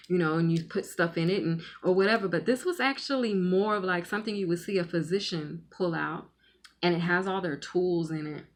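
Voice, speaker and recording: A woman giving a spiritual reading in casual, rambling talk, repeating words and checking in with "okay?" often. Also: fairly low pitch. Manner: emphatic, stretches key words. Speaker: spiritual medium and tarot reader.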